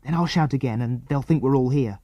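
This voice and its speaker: A man's voice: medium pitch, fairly quick, no echo, dull audio, close to an everyday voice. A man doing a plucky young girl, urgent and earnest. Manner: urgent, earnest, breathless pleading. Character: brave, quick-thinking young English girl.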